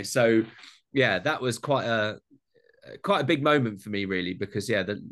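A young British man, a food content creator, talking in a relaxed way in a casual interview and swearing freely. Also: lowish voice, normal speed. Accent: British English.

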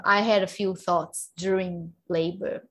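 A woman's voice: lowish voice, measured pace. Woman in her 30s chatting about giving birth, lots of laughs, acts out what ppl said. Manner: animated, laughing, acts out quoted voices. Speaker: guest telling her birth story. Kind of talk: casual personal storytelling.

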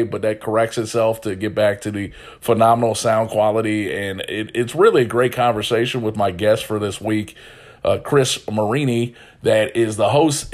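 A man's voice: mid-range voice, a little mellow. Man, podcast host, casual chat, rambling, profane. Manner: profane, rambling, self-deprecating.

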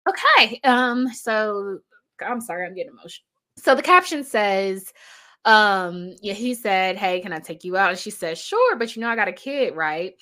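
A woman's voice: medium pitch, expressive, unhurried, sharp tone. A woman giving casual, emphatic reaction commentary, chatty and laughing often.

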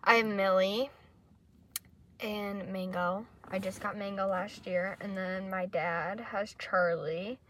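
A young woman co-hosting a podcast in casual chat, animated and swearing freely as she acts out what people said. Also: mid-range voice, slight background noise. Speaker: podcast co-host.

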